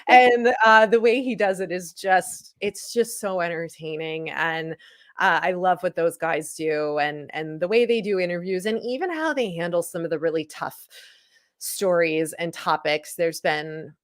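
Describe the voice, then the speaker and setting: A woman from Chicago, a guest on a sports talk show, chatting casually and telling stories in quick animated bursts, full of likes. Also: fairly low pitch. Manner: animated storyteller, rapid bursts, rambling with many likes. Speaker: guest hockey podcaster.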